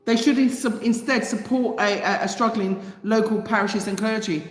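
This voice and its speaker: A woman's voice: mid-range voice, normal speed. A woman hosting a channel, reading out a news item and reacting with passionate, indignant commentary full of rhetorical questions. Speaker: channel host. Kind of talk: casual commentary. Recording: echoey room with long reverb.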